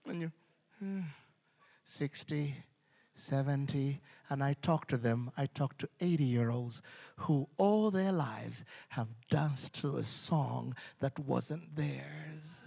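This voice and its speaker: A man preaching a sermon, animated, acting out voices and swinging between hushed and loud. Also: on the high side, slow pace, gravelly, breathy edge. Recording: long hall reverb.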